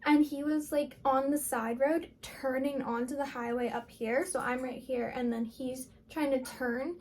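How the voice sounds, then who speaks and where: A woman's voice: high voice, steady tone, unhurried, darkish tone. A young woman vlogger telling a personal story in a casual, rambling way, full of fillers.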